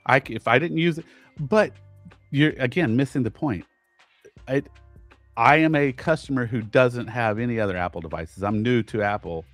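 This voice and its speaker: A man co-hosting a podcast tells a story in relaxed, casual chat. He sounds animated and exasperated, restarting his sentences as he goes. His voice sits at an ordinary middle pitch, with faint music underneath. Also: normal speed, dry recording. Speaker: podcast co-host.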